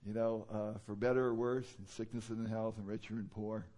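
A man's voice: lowish voice, level tone, brisk, warm tone. A man preaching a sermon in a conversational way, with many fillers and rhetorical questions. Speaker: pastor.

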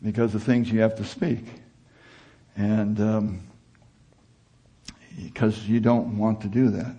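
A man's voice: fairly low pitch, little pitch movement, slow pace, warm tone, husky. A middle-aged man preaching a sermon in a conversational way that climbs to emphatic peaks.

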